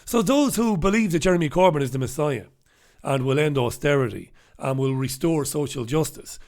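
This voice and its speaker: A man's voice: medium pitch, a little mellow. A man hosting a newspaper review in a casual, sarcastic, blunt and profane commentary style, with mocking asides.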